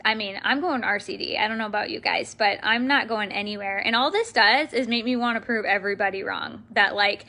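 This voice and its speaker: A woman's voice: mid-range voice, fairly quick, few pauses, pushed and bright. A woman giving an earnest, emotional live video address to her sales team, with many fillers.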